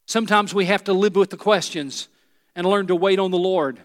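A male pastor preaches in an earnest, emphatic way, with a notably high voice. He turns to the congregation with rhetorical asides. His words ring out with the long reverb of a large sanctuary. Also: moderate pace, smooth. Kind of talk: sermon.

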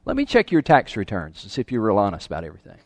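Speaking rapid-fire in a lowish voice whose pitch swoops wildly, a pastor preaches in a chatty way, asking his audience questions and frequently repeating himself. There's no room sound.

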